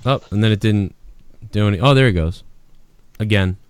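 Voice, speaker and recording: A man's voice: on the low side, moderate pace, clean tone, no room sound. A man hosting a live-streamed show, chatting casually and profanely while telling a story. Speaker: podcast host.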